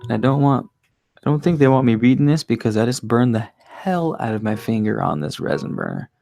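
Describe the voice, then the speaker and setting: A man's voice: mid-range voice, sing-song, a little fast, gravelly, warm tone, faint music behind. A young man hosting a candlelit reading at home, chatting casually and rambling through an intermission, swearing freely. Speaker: reader and host. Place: home with candles and a resin burner.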